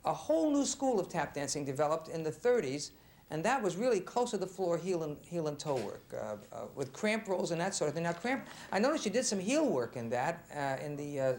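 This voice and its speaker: Halting man interviewing a dancer. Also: on the high side, big pitch swings, darkish tone, slight background noise. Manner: halting, many fillers and restarts. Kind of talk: casual interview.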